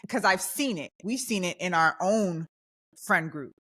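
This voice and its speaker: A woman's voice: lowish voice, lively intonation, a little slow, a bit bright, slightly rough. A young adult woman co-hosting a podcast, ranting in an emphatic, heated way in casual chat. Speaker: podcast co-host.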